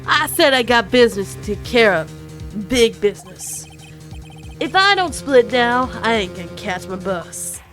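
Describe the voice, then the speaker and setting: A woman voicing a brash, tough-talking mobster loan shark, attempting a gruff Brooklyn drawl. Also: a little high, big pitch swings, unhurried, a bit bright, soft background music. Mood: menacing.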